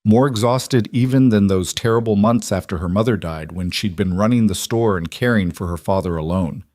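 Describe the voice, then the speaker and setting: A man reading a scripted western story as narrator in a measured, earnest way. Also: on the low side, darkish tone.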